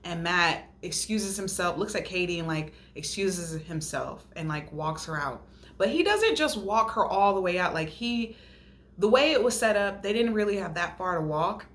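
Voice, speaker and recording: A woman host retelling a reality show episode in a casual, gossipy way, laughing and acting out what people said. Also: fairly low pitch. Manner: gossipy, animated retelling with mimicked quotes and laughter. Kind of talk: casual recap chat.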